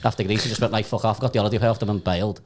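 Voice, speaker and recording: A man's voice: fairly low pitch, fairly even intonation, a little mellow. A young man telling work stories on a podcast, swearing a lot and laughing at his own jokes. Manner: fast, sweary, laughing storyteller. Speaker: podcast guest comedian. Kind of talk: casual chat.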